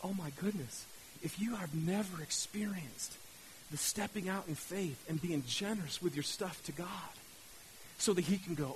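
A man's voice: sits high, moderate pace, slight background noise, poor audio. A man preaching a sermon as pastor, fired up and often restarting his words. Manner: fired-up, repetitive, stammering restarts.

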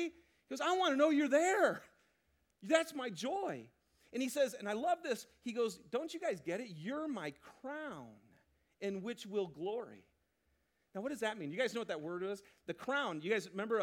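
A man preaching a sermon to his congregation, animated and joking, often asking the crowd questions. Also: high-pitched. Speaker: pastor.

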